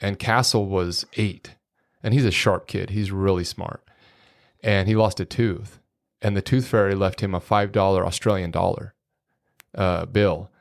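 Man, middle-aged, low voice, podcast guest, rambling folksy anecdotes. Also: steady tone, a little slow, vocal fry. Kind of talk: casual storytelling.

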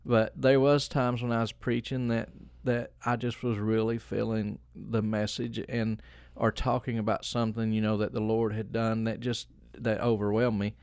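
A preacher co-hosting a casual chat, rambling with restarts and frequent laughter. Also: male voice, fairly low pitch, level tone, normal speed, few pauses, darkish tone, clear, resonant tone, no echo, clean studio sound. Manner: rambling, laughs often, self-correcting restarts. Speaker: preacher and podcast co-host.

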